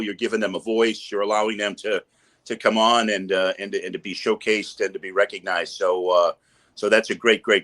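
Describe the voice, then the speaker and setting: A man's voice: lowish voice, fairly bright tone. A man guest on a podcast, telling stories with feeling and many small restarts. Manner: emotional storyteller, tells jokes with acted-out voices. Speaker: guest, entertainer and veteran advocate. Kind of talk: storytelling interview guest.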